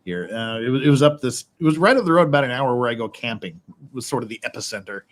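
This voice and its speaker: A man's voice: mid-range voice, expressive, quick pace. A man hosting a livestream at home, telling rambling, casual stories, swearing freely and laughing often. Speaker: livestream host. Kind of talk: casual chat. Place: his house in Korea.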